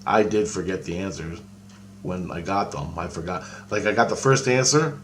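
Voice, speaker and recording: A man spins a long, rambling story in casual talk, restarting often and acting out both sides of a conversation with quoted dialogue. His voice sits low at a moderate pace, with a little hiss or hum.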